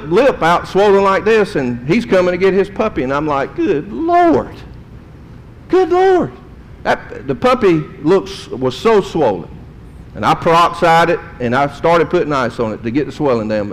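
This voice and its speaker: A man preaching a sermon, in folksy storytelling that swings between loud and quiet. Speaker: pastor. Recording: long hall reverb, faint rumble.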